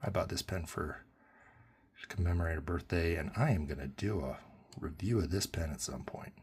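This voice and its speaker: Man, deep voice, husky, casual pen review, rambling. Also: moderate pace. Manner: relaxed, rambling with fillers and self-corrections.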